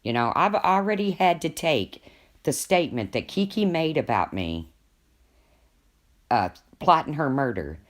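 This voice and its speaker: A woman's voice: low voice, sing-song, measured pace. A woman hosting a casual live stream from home, gossiping with viewers and talking to her pets in between.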